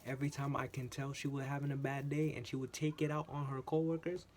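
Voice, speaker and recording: A man telling a workplace story in a casual, animated monologue, often repeating himself for emphasis and swearing. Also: mid-range voice, fast talker, slight background noise. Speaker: channel host.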